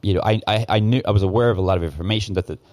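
A man's voice: fairly low pitch, rapid-fire, a little mellow, no room sound. A man telling a story in casual podcast talk, heated and profane, often restarting his sentences. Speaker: guest, former news cameraman.

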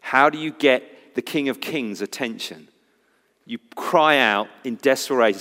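Bright-voiced preacher in a ringing hall. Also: male voice, mid-range voice, unhurried. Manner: animated, swings from loud cries to hushed intensity. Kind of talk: sermon.

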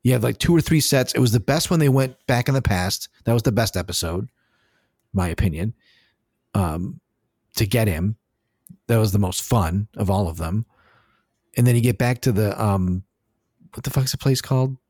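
A man co-hosting a casual podcast, talking in a rambling, animated, profane way. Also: fairly low pitch, normal speed, pauses often, slightly rough, no room sound, studio quality. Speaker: podcast co-host.

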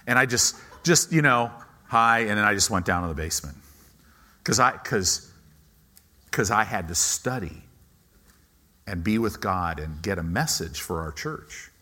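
A male pastor preaching a sermon, telling a personal story, swinging between loud emphatic bursts and quiet asides. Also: mid-range voice. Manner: preacher's repeated emphatic contrasts.

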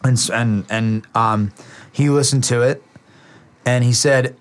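A young adult man, a musician, telling a long story in casual talk, halting and restarting often. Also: medium pitch, fairly even intonation. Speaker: musician guest.

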